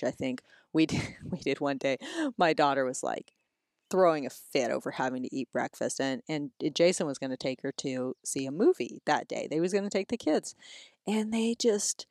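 A low-voiced woman chats about raising her kids, jumping into quick impressions of their whining as she tells the story. The mic is close and dry, with no room sound. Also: dry recording. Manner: animated storyteller, acts out kids' voices. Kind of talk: casual chat.

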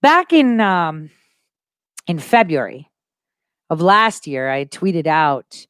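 A woman's voice: lowish voice, sing-song, slow, a bit bright, dry recording, studio quality. A woman hosting a casual livestream, speaking emphatically with conviction and repeating phrases for stress. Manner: insistent and full of conviction. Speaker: livestream host.

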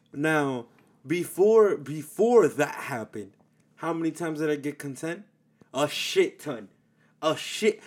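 Loud, emphatic man in casual chat. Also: a little high. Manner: loud, swearing, emphatic, repeats himself. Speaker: podcast co-host.

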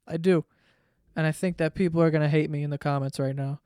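A man's voice: fairly high pitch, fairly even intonation, fast, darkish tone, clean tone, no room sound, studio quality. A man hosting a solo podcast in a casual comedic rant, profane, sarcastic and rambling. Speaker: podcast host.

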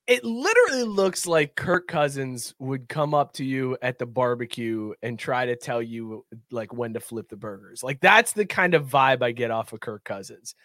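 A man's voice: medium pitch, animated, normal speed, hardly any pauses, a bit bright, dry recording, clean studio sound. A man hosting a casual sports podcast, laughing often and reading out listener comments. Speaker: podcast host.

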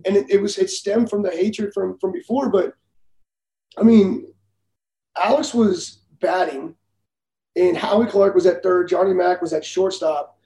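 High-voiced, laughing former pitcher. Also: male voice, steady tone, a little slow, gravelly, mellow, echoey room, low-quality recording. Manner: blunt, profane, laughs while telling stories. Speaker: former major league pitcher, guest. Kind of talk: casual storytelling.

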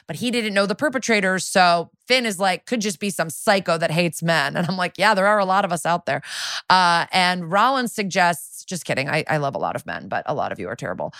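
Low-voiced woman recapping with sarcasm. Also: pushed and bright, no echo, clean studio sound. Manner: chatty, sarcastic, acts out quotes in funny voices. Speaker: podcast co-host recapping a TV episode. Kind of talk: casual chat.

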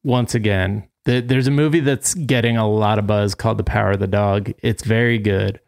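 Man, podcast co-host, laid-back, gravelly, casual chat. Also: fairly low pitch, steady tone, moderate pace, a little mellow. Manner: laid-back, laughs easily.

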